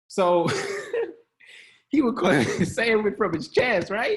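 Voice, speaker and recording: A man's voice: sits high, wildly swooping pitch, very slow, gravelly, pauses often. A man preaching a sermon to an online congregation, talking in a conversational way, laughing often and calling out to his listeners. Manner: conversational, laughing, calls out to the audience.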